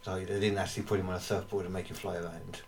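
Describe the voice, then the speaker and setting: A man co-hosting a casual podcast, rambling with pauses and restarts. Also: sits low, flat delivery, vocal fry, distant mic, over a noisy crowd. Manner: rambling, many fillers and restarts. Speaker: podcast co-host. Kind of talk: casual chat.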